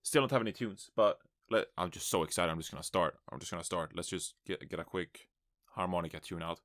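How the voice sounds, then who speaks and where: A man's voice: low-pitched, quick pace, a bit bright, no room sound, clean studio sound. A man hosting a solo esports podcast from his apartment, upbeat and rambling, amused at his own jokes. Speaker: podcast host and esports analyst.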